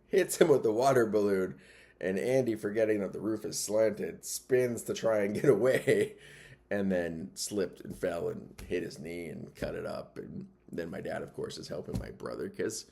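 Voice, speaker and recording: Middle-aged male storyteller, somewhat low-pitched, casual and amused. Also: creaky. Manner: chuckles often while telling, lively retelling.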